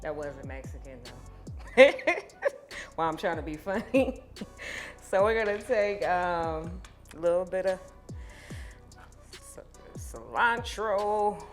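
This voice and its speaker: A woman's voice: fairly low pitch, lively intonation, measured pace, pauses often. A woman hosting a home cooking tutorial, chatting playfully and speaking straight to her viewers. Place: home kitchen. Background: music.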